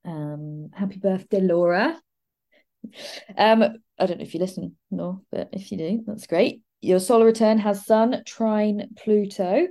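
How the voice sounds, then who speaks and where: A woman hosting an astrology podcast, talking fast in a rambling, digressive way with frequent asides. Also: medium pitch, warm tone. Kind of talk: casual solo podcast monologue.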